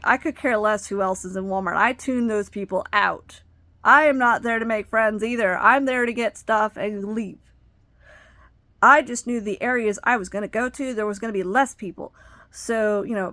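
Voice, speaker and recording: A middle-aged woman with a fairly high voice talks through personal stories in a loose, rambling way, full of ums and you-knows. When she gets heated, her voice shoots up high and loud. The sound is dry and close, with no room echo. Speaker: vlogger. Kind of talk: personal storytelling.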